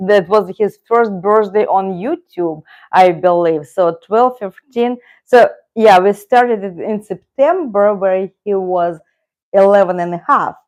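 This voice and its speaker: Chatting casually on her livestream, a Russian-accented woman says hello to viewers by name. She speaks in a mid-range voice that's a little mellow.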